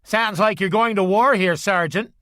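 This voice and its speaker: A man's voice: moderate pace, fairly bright tone, dry recording. A pushy, sarcastic chief of staff who needles in a lifted, sharper voice, as a man reads him aloud. The recording is close and dry. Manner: sarcastic, needling, raised pitch.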